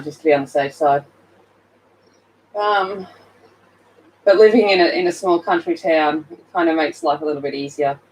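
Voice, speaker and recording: A woman's voice: on the low side, low-quality recording. A sleepy Australian woman hosting a casual livestream from her phone, chatting with viewers and greeting them by name while she colours. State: sleepy, just woken up. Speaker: livestream host.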